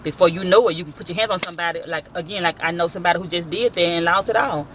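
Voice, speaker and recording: A woman's voice: fairly low pitch, very fast, a bit bright, rough recording. Blunt woman by traffic. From Southern US. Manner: blunt, profane, storytelling with quoted voices. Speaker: vlogger giving work advice. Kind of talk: casual advice talk. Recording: outdoor traffic noise.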